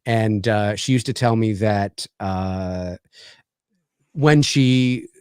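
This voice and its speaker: A man's voice: on the low side, extremely slow, a little mellow, clear, resonant tone, no room sound, clean studio sound. A Canadian man in his forties, hosting a casual chat and rambling through stories with many restarts. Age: 40s. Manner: rambling, many restarts and "you know what I mean". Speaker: podcast host.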